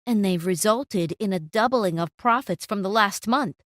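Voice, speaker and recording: A woman's voice: mid-range voice, normal speed, a bit bright, dry recording, clean studio sound, close to an everyday voice. A woman voicing a stern, authoritative male cafe owner who scolds his manager, in a storytime narration.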